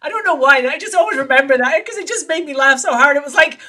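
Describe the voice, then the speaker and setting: A woman filmmaker telling an anecdote in an interview, animated and acting out the voices of the people she quotes. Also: fast. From lived in Barcelona. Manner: animated, acts out quoted voices with big pitch jumps. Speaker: guest filmmaker. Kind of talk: storytelling in an interview.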